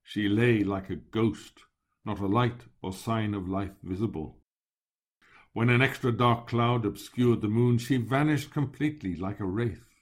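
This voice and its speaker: A man narrating a first-person memoir in a measured, descriptive storytelling manner. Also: lowish voice.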